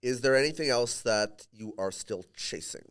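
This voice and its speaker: A man's voice: medium pitch, normal speed, fairly bright tone, clean tone. Man asking short interview questions. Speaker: podcast host. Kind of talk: casual interview chat.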